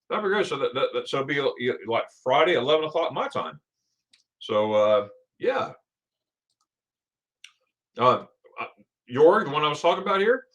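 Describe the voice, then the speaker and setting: A middle-aged man from Florida runs a relaxed livestream, reading out viewer comments and greeting each person by name. His voice swings up and down with plenty of animation, and he laughs easily between his friendly remarks. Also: medium pitch. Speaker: livestream host. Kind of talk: casual live chat reading viewer comments.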